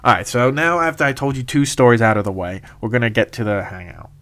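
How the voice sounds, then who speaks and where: A young man telling a rambling, casual story, laughing often and filling pauses with "uh" and "um". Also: medium pitch, steady tone, a bit bright.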